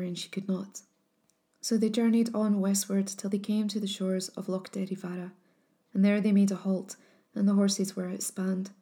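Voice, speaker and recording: Mellow woman narrating an old legend. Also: medium pitch. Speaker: storyteller.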